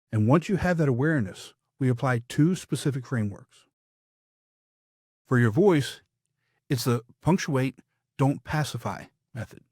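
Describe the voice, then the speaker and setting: A man hosting a public speaking podcast, giving scripted, measured instruction with emphatic, downward-punctuated points. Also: medium pitch, a little mellow, no room sound, clean studio sound.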